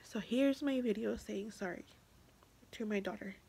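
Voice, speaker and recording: A young woman vlogger speaking through tears in an emotional confessional vlog, halting and repeating herself, often dropping to a whisper. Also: medium pitch, vocal fry, dark tone, a little hiss or hum. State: tearful.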